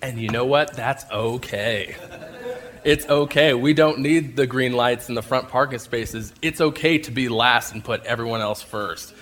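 A man's voice: mid-range voice, a little slow, fairly bright tone. A man telling a personal faith story, acting out scenes and laughing at himself as he goes. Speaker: speaker sharing a faith testimony.

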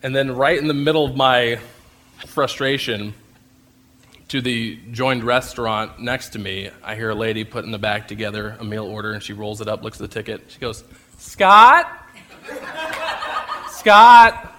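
A man's voice: on the low side, level tone, moderate pace, a bit bright, slight background noise. A man telling a personal faith story, acting out scenes and laughing at himself as he goes. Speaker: speaker sharing a faith testimony.

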